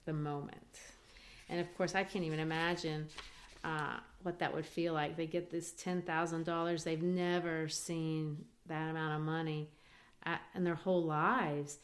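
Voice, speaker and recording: A woman's voice: low-pitched, little pitch movement, unhurried. A woman co-hosting a podcast, talking through a play in a thoughtful, casual way and reading quotes aloud. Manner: thoughtful, reads quotes aloud with small voice changes. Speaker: podcast co-host. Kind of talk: casual literature discussion.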